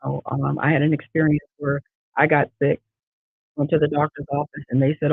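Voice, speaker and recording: A woman's voice: low-pitched, little pitch movement, fairly quick, husky, no room sound. A woman in her fifties from Erie, Pennsylvania, answering interview questions earnestly and repeating key phrases for emphasis. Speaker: judicial candidate guest. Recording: tinny dry online call audio.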